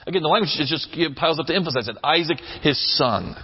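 A man's voice: fairly high pitch, expressive, fast, husky, highs cut off. A man preaching a sermon, earnest and emphatic, repeating phrases for weight. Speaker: pastor.

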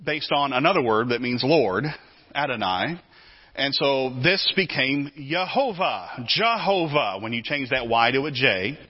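Lively male preacher, teaching sermon, slightly high voice, dull lo-fi sound. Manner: animated, repeats words while teaching.

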